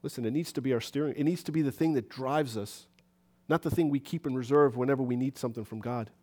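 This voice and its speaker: A man from New City, preaching a sermon in a church and acting out little conversations as he goes. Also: fast. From New York City. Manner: animated, acts out conversations with rising pitch.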